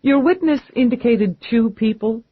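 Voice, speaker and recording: A man voicing a wealthy, teasing, smooth-talking man in an audiobook, calm and dryly amused. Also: very high voice, moderate pace, no room sound, phone-quality sound, voice pushed up.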